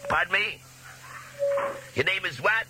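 A man's voice: sits high, measured pace, heavy background noise. An American man hosting a radio show, teasing callers in drawling, chuckling hipster slang. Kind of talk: jive-talking radio show patter.

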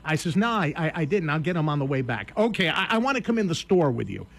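Brief: radio host, Connecticut man, high voice, lively storyteller doing both sides of a chat. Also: quick pace, vocal fry. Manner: animated storyteller acting out both sides of a dialogue. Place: radio studio.

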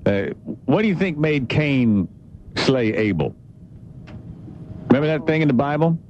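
A man's voice: mid-range voice, sing-song, a little slow, a little hiss or hum. A man hosting a morning call-in radio show, talking emphatically in rambling rhetorical questions. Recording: dull lo-fi radio recording.

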